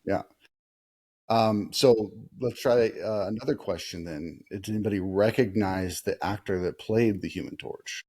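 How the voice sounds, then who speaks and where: A man hosting a casual movie podcast, chatting easily with kids, asking them questions and pausing often with "uh". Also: fairly low pitch, warm tone, breathy edge. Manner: easygoing, asks kids questions, many "uh" pauses. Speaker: podcast host talking with kids.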